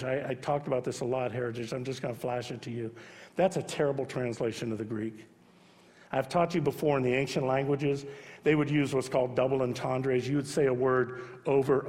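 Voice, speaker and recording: A man preaching a sermon as pastor, emphatic, swinging between loud urging and soft hushed repetition. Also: mid-range voice. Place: church sanctuary. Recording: long hall reverb.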